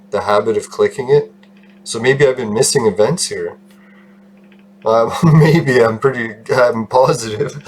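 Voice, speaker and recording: A man's voice: mid-range voice, slight background noise. A man casually commenting on his own gameplay, rambling, laughing often and swearing. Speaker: gaming video host.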